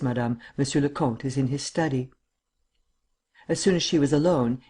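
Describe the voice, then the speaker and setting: Male narrator, measured audiobook storytelling, mid-pitched voice. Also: a little mellow. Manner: measured storytelling, acting out the dialogue.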